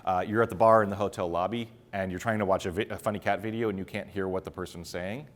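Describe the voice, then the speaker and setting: A middle-aged man giving a conference talk to a live audience, talking fast with many fillers and restarts. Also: sits low, steady tone. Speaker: conference speaker.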